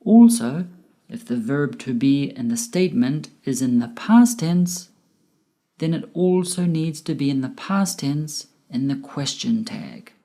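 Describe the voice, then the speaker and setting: A woman with a low, mellow voice teaches a scripted grammar lesson. She speaks slowly and deliberately, and she stretches the rise and fall of her example sentences to show the intonation. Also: animated. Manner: slow, deliberate, with exaggerated rising and falling example intonation. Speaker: English teacher.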